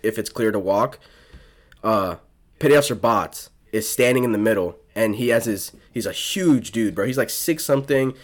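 A man's voice: on the low side, moderate pace. A young man from South Florida hosting a podcast, telling a rambling story full of swearing and restarts in casual chat. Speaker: podcast host.

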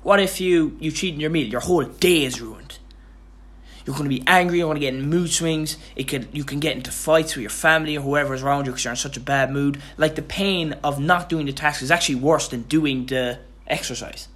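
A man's voice: a little high, fairly quick, a bit bright. A tired young man hosting his own podcast, talking in a loose, rambling way with lots of restarts and casual swearing. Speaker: podcast host. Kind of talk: casual motivational monologue.

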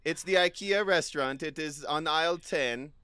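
A man's voice: fairly high pitch, normal speed, pushed and bright, clean tone, no room sound. A man improvising as a clumsy, rude waiter with a shaky put-on accent, rambling. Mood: deadpan. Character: clumsy rude male furniture-store restaurant waiter. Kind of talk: improv comedy scene.

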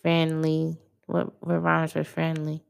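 Slow, smooth-voiced woman podcast host with vocal fry. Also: on the low side, fairly even intonation. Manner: laid-back, conversational, loose slangy phrasing. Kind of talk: casual solo podcast chat.

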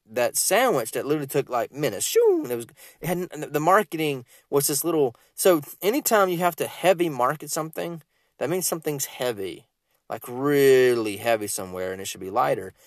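A man's voice: medium pitch, no room sound, studio quality. A man from Georgia, giving a casual, rambling motivational talk as a business coach. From Georgia, USA. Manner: animated, rambling, repeats himself.

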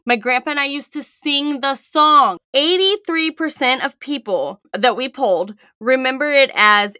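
A woman's voice: sits high, a little slow, hardly any pauses, bright, forceful tone, clear, resonant tone, no echo, clean studio sound. A woman co-hosting a casual chat, earnest and matter-of-fact as she reports what she looked up. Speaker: podcast co-host.

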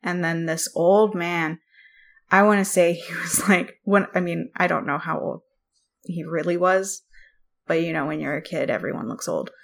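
A woman's voice: lowish voice, moderate pace, creaky. A young adult woman co-hosting a casual podcast, telling stories with lots of laughter and animation. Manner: animated storyteller, laughs often. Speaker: podcast co-host. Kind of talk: casual chat.

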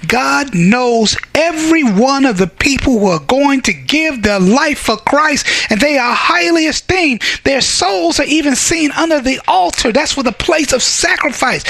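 A man preaching a fervent sermon, reading scripture aloud and breaking into shouts to drive his points home. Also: very high-pitched, expressive, measured pace, vocal fry, hardly any pauses, no room sound.

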